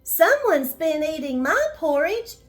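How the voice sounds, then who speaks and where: A woman's voice: high-pitched, very animated, slow, soft background music, full character voice. A woman voicing a teeny tiny baby bear boy who cries out his lines in a small, upset voice. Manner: small, tearful, crying out.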